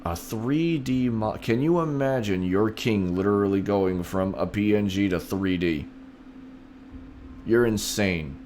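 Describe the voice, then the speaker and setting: A man's voice: fairly low pitch, unhurried, darkish tone, a little hiss or hum. A man in a playful, theatrical live-stream chat, talking straight to his viewers in the role of a king. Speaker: streamer playing a king persona.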